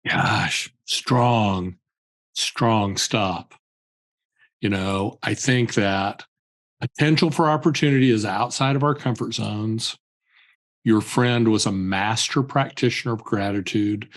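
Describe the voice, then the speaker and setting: A man hosting an interview, reflecting on and affirming his guest's points. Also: medium pitch. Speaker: host. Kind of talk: conversational interview.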